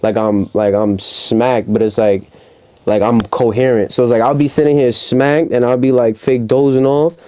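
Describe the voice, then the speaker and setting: New York man telling stories loud. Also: medium pitch, normal speed. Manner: animated storytelling, acts out quotes loudly. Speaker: rapper guest. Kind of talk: casual interview chat.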